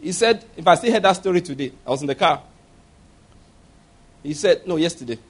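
A man's voice: a little high, lively intonation, brisk, husky. A man preaching a sermon, telling a story with acted laughter and emphatic direct questions to the congregation.

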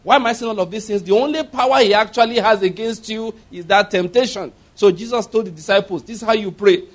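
A man with a high voice preaching a sermon. He tells stories animatedly, acting out laughter and voices. He speaks emphatically, putting questions straight to the listeners. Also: quick pace. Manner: emphatic, addresses congregation directly.

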